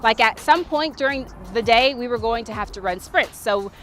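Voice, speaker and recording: A woman in her thirties, a former softball player, telling a lively motivational story to camera. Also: a little high, normal speed.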